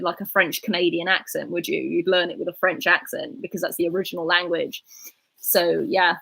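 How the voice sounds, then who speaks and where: A woman's voice: on the low side, fairly even intonation, fairly quick, vocal fry, sharp tone, rough recording. A young woman from England with a southern English accent, chatting casually and rambling while she answers viewer questions, laughing often. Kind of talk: casual chat.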